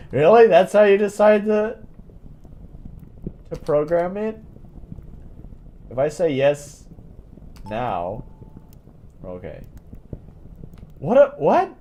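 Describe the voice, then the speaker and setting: A man's voice: high voice, sing-song, drawn-out words, long pauses, mellow. A man streaming a game, giving casual gaming commentary while swearing and laughing at how janky it is.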